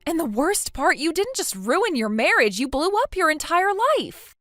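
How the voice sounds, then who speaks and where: A woman voicing a blunt female friend who lectures a cheater in a text story, in a somewhat high voice. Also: sing-song, moderate pace, fairly bright tone, dry recording, studio quality. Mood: stern.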